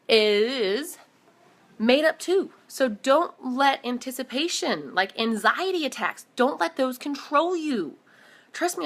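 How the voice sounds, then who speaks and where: A woman in her thirties giving an animated, casual motivational talk to camera, often calling her viewers "guys". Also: a little high. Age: 30s. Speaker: motivational vlogger.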